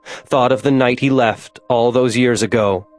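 Steady man narrating an audiobook. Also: medium pitch, unhurried, no echo, soft background music. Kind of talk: scripted narration.

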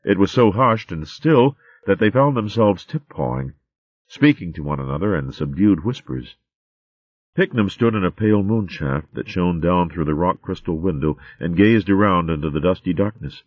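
A man with a very low voice reads a storybook aloud in a steady, even manner. the recording is dry and close, and it sounds slightly muffled. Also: normal speed, no echo. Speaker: narrator. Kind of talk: audiobook narration.

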